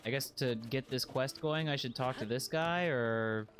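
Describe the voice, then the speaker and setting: A man streaming a video game, chatting in a playful, joking way and breaking into excited squeals. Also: medium pitch, moderate pace, soft background music. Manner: puts on a put-on accent by habit. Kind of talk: casual let's-play commentary.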